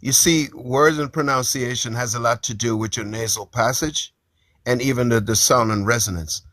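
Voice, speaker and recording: A man's voice: medium pitch, steady tone, moderate pace, fairly bright tone, dry recording. A man in a live stream debate, lecturing and emphatic, brushing off questions. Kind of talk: casual debate.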